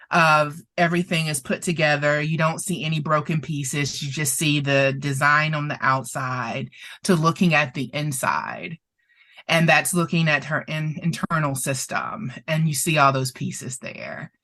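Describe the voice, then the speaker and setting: A woman's voice: low-pitched, pushed and bright. A woman therapist presenting as a guest, telling a story expressively, laughing often and getting emotional. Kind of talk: animated storytelling in conversation.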